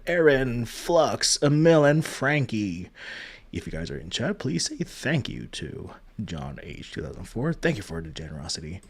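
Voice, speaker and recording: A man hosting a livestream, chatting casually and greeting viewers by name. He talks in a gentle, heartfelt way, trailing off with ums and uhs, at a middling pitch for a man. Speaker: livestream host. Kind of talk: casual memorial livestream chat.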